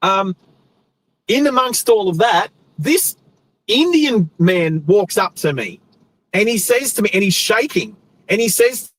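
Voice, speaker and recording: An Australian man hosting a show, telling a rambling, animated story with restarts while he drives his car. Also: high-pitched, measured pace, poor audio. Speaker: host. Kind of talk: casual storytelling while driving. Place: inside a car on the road.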